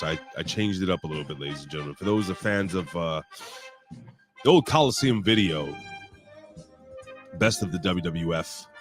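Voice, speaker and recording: Brief: hoarse male podcast host, very low voice, lively swings in pitch, foul-mouthed rambling. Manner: profane, rambling, joking. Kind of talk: casual wrestling review chat.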